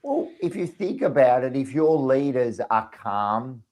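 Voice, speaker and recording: A man's voice: mid-range voice, sing-song, measured pace, darkish tone. Emphatic Australian man talking footy. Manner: emphatic, repeats phrases and tags lines with 'mate'. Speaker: podcast co-host. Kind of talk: casual sports chat.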